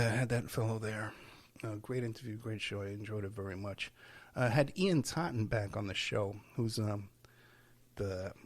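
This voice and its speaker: A tired man talks alone into his podcast mic from home, his voice gravelly with fry. He drifts from one thought to the next, restarting sentences and laughing at his own stories, always at an everyday pitch. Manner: rambling, self-interrupting, with chuckles. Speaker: podcast host. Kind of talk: casual solo podcast monologue. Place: at home while packing.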